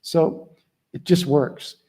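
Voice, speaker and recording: A middle-aged man mentoring a group on a video call, talking earnestly and casually, shifting between quiet asides and emphatic points. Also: slow. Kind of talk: casual teaching talk.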